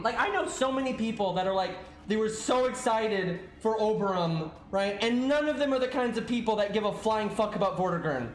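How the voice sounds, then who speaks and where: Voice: medium pitch, animated, normal speed, hardly any pauses, soft background music. Ranting streamer in a roomy echo. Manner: ranting, swearing, exasperated, stammering restarts. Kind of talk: livestream rant.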